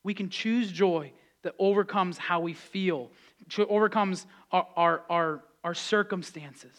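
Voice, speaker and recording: A man's voice: high-pitched, unhurried, a bit bright. A middle-aged man preaching a sermon as pastor, exhorting and repeating key phrases with conversational asides to the congregation.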